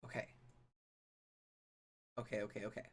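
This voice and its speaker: A game streamer chatting live in an animated, self-deprecating way, sometimes reading game text aloud in a vague pirate accent. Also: moderate pace, over music.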